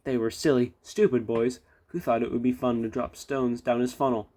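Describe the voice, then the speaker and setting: A man's voice: medium pitch, little pitch movement, normal speed, mellow. A man reading a children's railway storybook aloud with little chatty asides. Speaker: storybook reader.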